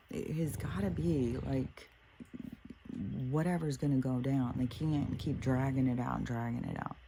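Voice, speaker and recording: A woman's voice: rumbling low, creaky, dark tone, slight background noise. A woman talking in a casual, rambling monologue, laughing often and swearing freely. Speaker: spiritual vlogger.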